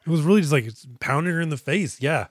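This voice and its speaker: A man's voice: on the high side, animated, quick pace, dry recording. Man for a casual movie podcast, jokey and crude, recorded dry. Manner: joking, swears, acts out scenes. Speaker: podcast co-host.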